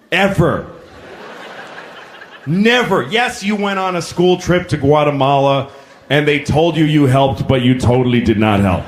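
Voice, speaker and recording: A man's voice: a little high, measured pace, roomy sound. A male stand-up comedian ranting in an exasperated way, recorded live at a show with audience noise.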